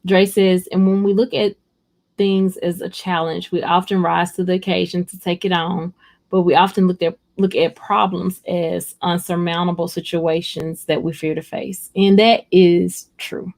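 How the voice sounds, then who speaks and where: Lady on a livestream reading out comments, kinda low voice, chatty and rambly. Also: level tone, normal speed, gravelly, a little mellow. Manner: rambling, chatty and heartfelt, addresses viewers directly. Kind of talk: casual livestream chat.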